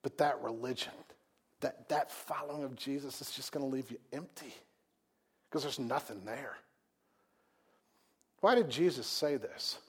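A man preaching a sermon in a conversational way, swinging from loud emphatic lines to quiet, hushed asides. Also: mid-range voice, a little slow, long pauses, slightly rough. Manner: conversational, repeats words and restarts. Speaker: pastor.

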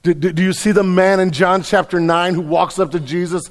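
Higher-voiced pastor preaching in a reverberant hall. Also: male voice, steady tone, brisk. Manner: conversational, emphatic, repeats words. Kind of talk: sermon. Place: church sanctuary. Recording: long reverb in a large hall.

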